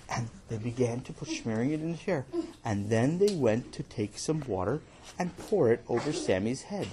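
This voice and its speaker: A man telling a children's story in an animated, playful way, with casual asides. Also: mid-range voice, a little fast.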